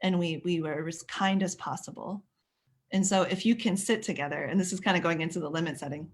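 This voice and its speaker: A woman with a fairly low voice leads a live-streamed parenting workshop. She talks in a chatty way, greets viewers by name and often starts a sentence over as she goes. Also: steady tone, fairly quick, fairly bright tone. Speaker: parenting coach.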